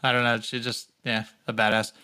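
A man's voice: mid-range voice, level tone, a little fast, pushed and bright, clear, resonant tone. A young man co-hosting a podcast, rambling in profane casual chat and laughing often. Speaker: podcast co-host.

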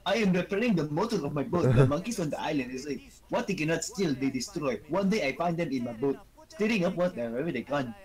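A man's voice: fairly high pitch, lively intonation, fast, a little mellow, lightly acted, poor audio. A man reading a hermit fisherman's game lines aloud in a mock foreign accent with broken grammar. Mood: mock-serious.

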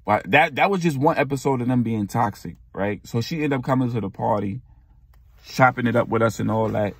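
A man's voice: mid-range voice, a little fast, breathy edge, dry recording. A young man telling a personal story in casual, slangy storytime style. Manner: slangy, animated retelling. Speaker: vlogger.

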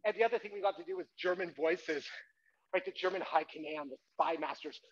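A man's voice: sits high, brisk. A man performing a playful comic autobiographical monologue on a theatre stage, coaxing the audience to join in, in a dull lo-fi live recording. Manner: animated, playful, bursts into loud shouts.

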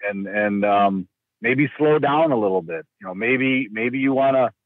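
A man's voice: mid-range voice, normal speed, no echo. A man from Minnesota, a guest in a casual interview, hesitant with many restarts and fillers. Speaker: guest, county rural initiative coordinator. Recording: tinny phone-like line.

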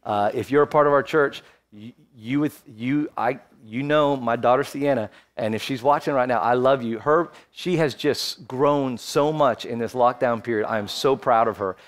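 A man's voice: medium pitch, normal speed. A man in his thirties preaching a sermon as pastor, telling a personal story and building to fervent exhortation. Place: church, streamed online.

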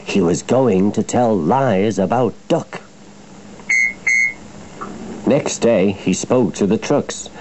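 A man narrating a children's storybook in a slow, expressive storytelling manner. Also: on the low side, noisy background.

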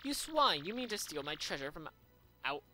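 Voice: medium pitch, big pitch swings, moderate pace, sharp tone, soft background music. A gamer voicing a vain, dramatic rich merchant man in a put-on Spanish accent, reading game dialogue in a pompous, theatrical manner.

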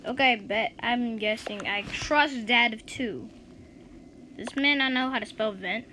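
A woman giving casual gameplay commentary, chatting and reacting out loud to each round as the channel's host. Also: fairly high pitch, measured pace. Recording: noisy home recording.

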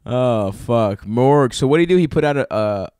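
A man co-hosting a podcast, throwing out loud, taunting trash talk in crude comedic banter. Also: mid-range voice, animated, moderate pace, clear, resonant tone, no room sound, clean studio sound. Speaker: podcast co-host.

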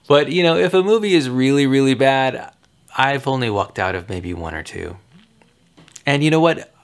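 A man's voice: medium pitch, very animated, normal speed. A man in his forties, a father, rambling casually to the camera with frequent chuckles and self-corrections. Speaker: father giving advice. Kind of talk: casual direct-to-camera chat.

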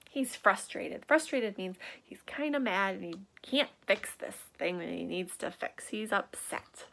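A woman reading a children's picture book aloud, gasping and dropping into soft whispered asides and asking her young listeners questions. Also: mid-range voice, lively intonation, measured pace, vocal fry, hardly any pauses.

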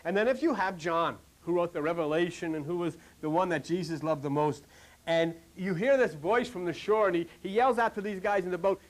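A man preaching a sermon in a conversational, repetitive way that builds up to animated emphasis. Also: sits high, brisk.

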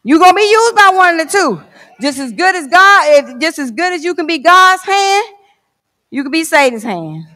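A woman's voice: very high voice, very animated, moderate pace, bright, forceful tone, big-room sound. A woman giving a fervent guest sermon in church, reading scripture and a poem and repeating phrases for emphasis. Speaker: guest preacher.

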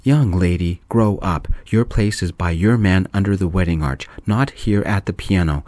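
A stern, exasperated mother of the bride who scolds firmly, as a male reader voices her. The reader's own low voice is lifted only a little. The recording is close and dry. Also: moderate pace, darkish tone, no room sound, close to an everyday voice. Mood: scolding. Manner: scolding, firm.

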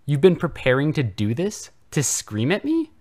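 A man's voice: on the low side, expressive, normal speed. A man voicing a whiny, defensive adult male atheist troll in a comedic fanfiction reading. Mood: exasperated.

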